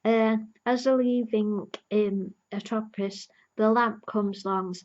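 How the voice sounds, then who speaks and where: Slow-talking woman reviewing a TV episode. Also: mid-range voice, steady tone, a little mellow, highs cut off. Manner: earnest, emotionally invested fan recapping the plot. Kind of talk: casual review vlog.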